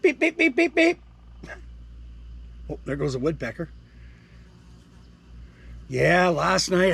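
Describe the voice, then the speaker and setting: A man's voice: on the high side, fairly bright tone. A man in his sixties in a casual outdoor vlog, rambling to viewers and talking to the animals around his campsite. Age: 60s. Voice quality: gravelly, husky. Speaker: vlogger.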